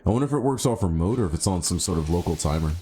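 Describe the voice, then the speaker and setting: A man streaming a game live, chatting casually and thinking out loud, with sudden excited yelps. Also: sits low, very fast, a little hiss or hum. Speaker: gaming streamer. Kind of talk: casual live gameplay commentary.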